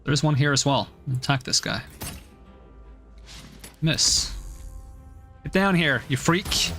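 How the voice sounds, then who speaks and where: Lively man thinking aloud while gaming. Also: fairly high pitch, moderate pace, soft background music. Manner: thinks aloud, puzzling over game rules. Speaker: streamer. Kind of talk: casual gameplay commentary.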